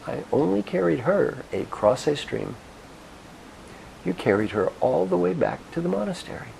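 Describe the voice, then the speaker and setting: A man voicing a calm, sleepy male monk who answers drowsily and without concern, told within a motivational talk. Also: a little high, moderate pace, vocal fry, slight background noise, pitched above the performer's own voice, exaggerated voice, low-quality recording.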